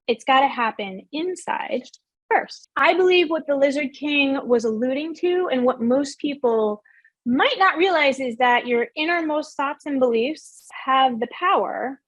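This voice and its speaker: Leading a motivational workshop, a middle-aged woman speaks earnestly and emphatically in a high voice, putting questions to her audience. The recording sounds dry and close.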